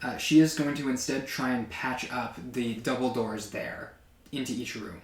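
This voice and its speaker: A man's voice: medium pitch, fairly even intonation, normal speed. A man narrating a tabletop game as game master, with many fillers and a hesitant, casual delivery. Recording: echoey room.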